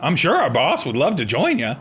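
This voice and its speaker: A man's voice: a little high, wildly swooping pitch, brisk, a bit bright, a little hiss or hum, pitched above the performer's own voice. A man doing a drawling lizard-man drifter. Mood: wary. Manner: folksy drawl with hesitant uh's. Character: rough-talking male lizard-man wanderer.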